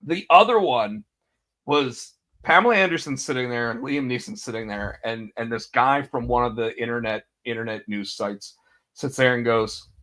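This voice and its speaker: A man's voice: mid-range voice, moderate pace, a bit bright. A man co-hosting a podcast, telling stories in a rambling, casual way and acting out the quotes. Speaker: podcast co-host. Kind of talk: casual chat.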